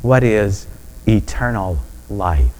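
A man preaching a sermon in a measured, deliberate way that builds to emphatic peaks. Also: lowish voice, lively intonation, mellow, faint music behind, rough recording. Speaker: pastor.

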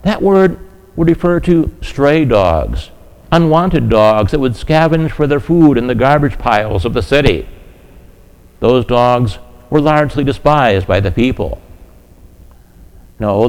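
A man's voice: mid-range voice, lively intonation, slow, creaky, darkish tone, poor audio. A man preaching a sermon, earnest and direct, often asking his listeners rhetorical questions. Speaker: pastor.

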